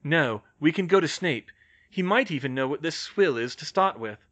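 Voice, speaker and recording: A man reading aloud voices a calm, firm young curse breaker giving instructions. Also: a little high, normal speed, voice pushed up.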